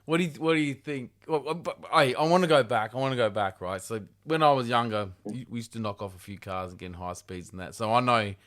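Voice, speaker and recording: A man hosting a casual interview, asking questions in a halting way and often restarting. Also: mid-range voice, a bit bright. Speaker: host.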